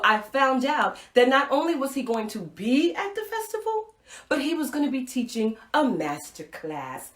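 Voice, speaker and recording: Animated woman telling a story. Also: fairly high pitch, reverberant. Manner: expressive, playful, swings loud and soft. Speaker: live show host and speaker.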